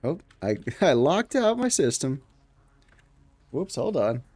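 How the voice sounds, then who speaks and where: A man's voice: fairly high pitch, very animated, slow pace, darkish tone, husky, no echo. A man streaming a game, chatting casually and joking while reading the text aloud. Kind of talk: casual game playthrough commentary.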